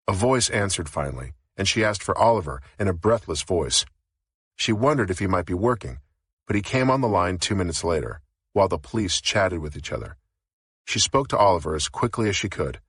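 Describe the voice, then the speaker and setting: A man narrating a novel as an audiobook in a steady, even reading. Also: sits low, a little fast, slightly rough, no room sound, studio quality.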